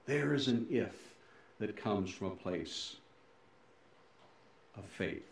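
A middle-aged male pastor giving a sermon, swinging between loud emphasis and soft, low endings, with folksy, self-deprecating asides. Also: expressive, takes it slowly, gravelly, slight background noise. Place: church sanctuary. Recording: very echoey church hall.

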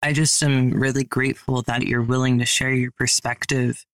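Sex: man. Role: interviewer. Style: supportive interview questions. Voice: gravelly, flat intonation. Sound: dry. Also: mid-range voice, no echo. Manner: measured, carefully worded questions.

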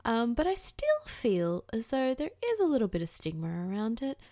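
A woman's voice: a little high, sing-song, normal speed, mellow, no echo, studio quality. A young woman hosting a podcast, talking candidly in a casual monologue, swearing freely and using lots of fillers. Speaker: podcast host.

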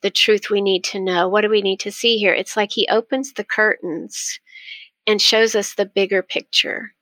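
A woman's voice: mid-range voice, fairly even intonation, moderate pace, fairly bright tone, no echo. An older woman, a podcast guest, telling a heartfelt faith story in an earnest, storytelling way. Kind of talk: personal faith testimony.

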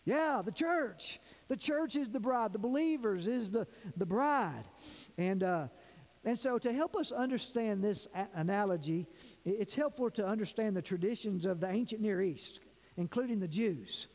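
High-voiced preacher in a reverberant hall. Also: male voice, lively intonation, darkish tone. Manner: preaching with emphatic, drawn-out stresses. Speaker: pastor. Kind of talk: sermon. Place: church sanctuary.

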